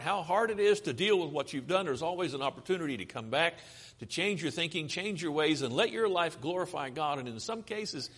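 Earnest preacher with a lively, swinging voice. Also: male voice, on the high side, husky. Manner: earnest, pleading, asks rhetorical questions. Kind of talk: sermon.

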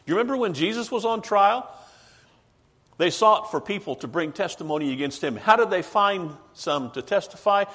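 A man preaching a sermon emphatically, asking rhetorical questions and slowing down for stress. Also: a little high, expressive, a bit bright.

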